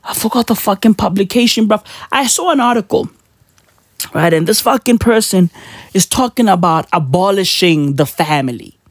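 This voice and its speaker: A woman's voice: medium pitch, lively intonation, moderate pace, no room sound, clean studio sound. A woman ranting on a podcast in casual, profane, slangy talk, emphatic and mocking.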